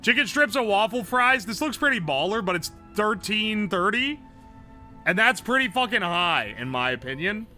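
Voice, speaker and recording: A male streamer thinking aloud over a food guessing game, excitable and profane. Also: high voice, normal speed, soft background music. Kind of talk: casual game commentary.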